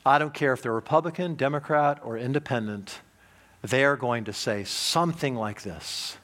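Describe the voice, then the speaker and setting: A man preaching a sermon as pastor, emphatic, swinging between loud urgent points and hushed low ones. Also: normal speed. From United States.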